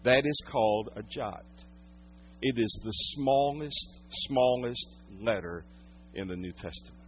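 A man preaching a sermon, teaching from the Bible, swinging from loud emphatic lines to hushed quiet ones. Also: medium pitch, a little slow, muffled recording, slight background noise. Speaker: pastor.

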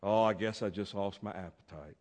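A man voicing a weary male beggar who quietly and plainly asks for bread. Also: lowish voice, brisk, in a large hall, natural voice.

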